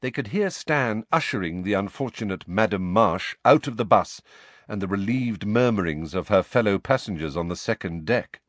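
A man reading a story aloud as an audiobook narrator, with expressive storytelling. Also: lowish voice, normal speed, no echo. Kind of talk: scripted narration.

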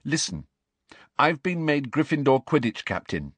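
A man voicing a brisk, businesslike teenage girl who captains a sports team, in a storybook reading. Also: mid-range voice, big pitch swings, breathy edge, no room sound, voice pushed up.

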